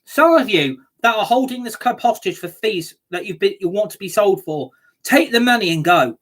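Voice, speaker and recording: Husky, ranting woman. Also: medium pitch, expressive, moderate pace. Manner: angry, sweary and scornful. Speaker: football fan reacting to a match. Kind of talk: ranting reaction video.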